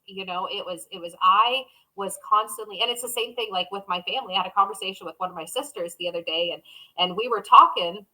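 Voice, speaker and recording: A woman co-hosting a casual podcast, her voice bright and forward. She talks openly and emotionally, often acting out her inner thoughts as quoted voices. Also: mid-range voice, fast talker, rough recording. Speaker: podcast co-host. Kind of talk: casual conversation.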